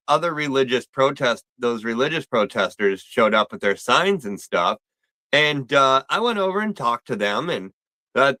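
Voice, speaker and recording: A laid-back male guest who rambles through his story with plenty of fillers. His voice is very bright and crisp, and it sounds dry and close, with no room echo. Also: medium pitch. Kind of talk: casual chat.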